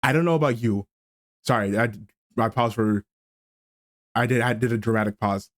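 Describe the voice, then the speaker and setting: A man's voice: medium pitch, moderate pace, no room sound. Man ranting while streaming a game. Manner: animated ranting, stammering restarts. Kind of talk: casual game commentary.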